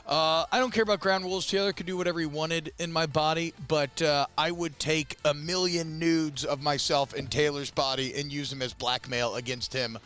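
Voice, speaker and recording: A man's voice: medium pitch, bright, forceful tone. A man co-hosting a sports radio show, chatting casually with a joking, rambling, self-mocking manner. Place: radio studio.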